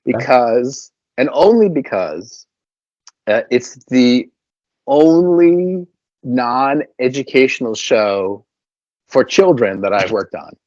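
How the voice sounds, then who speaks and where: A man's voice: mid-range voice, animated, takes it slowly, a little mellow, no room sound. A man, a puppeteer and voice actor, chatting animatedly as an interview guest and filling his talk with fillers. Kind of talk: casual interview storytelling. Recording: slightly dull, dry recording.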